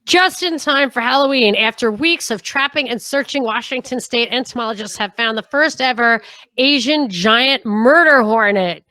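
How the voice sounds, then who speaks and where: Casting: chatty, higher-pitched woman co-host, quick asides, dry close sound. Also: bright, forceful tone, no echo. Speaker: podcast co-host. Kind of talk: casual livestream chat. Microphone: home video call setup.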